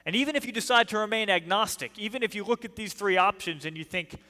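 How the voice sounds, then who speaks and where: Man with a New Jersey accent, emphatic church speaker, higher voice, reverberant hall. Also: fast, pushed and bright. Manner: emphatic, rhetorical questions to the audience. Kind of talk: church apologetics talk.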